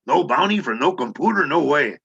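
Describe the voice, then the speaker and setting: A man's voice: fairly high pitch, animated, brisk, vocal fry, slightly rough, muffled recording, voice pushed up, heavily acted. Man doing Punch, hammy TV cowboy with a Spanish-Texan accent. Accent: switching between Mexican Spanish and Texan. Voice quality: loud, drawling, exaggerated cowboy delivery. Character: showy male TV cowboy host, hammy and cheerful.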